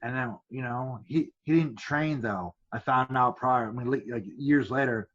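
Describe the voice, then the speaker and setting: A man guest telling fight stories in a casual chat. He is an animated storyteller who restarts and repeats words. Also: mid-range voice, moderate pace. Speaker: kickboxer guest. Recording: dull lo-fi podcast sound.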